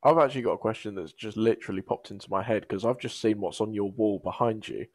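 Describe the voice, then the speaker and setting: A man's voice: fairly low pitch, fast, darkish tone, dry recording. A man co-hosting a podcast, curious and asking long follow-up questions. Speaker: podcast co-host. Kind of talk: casual podcast chat.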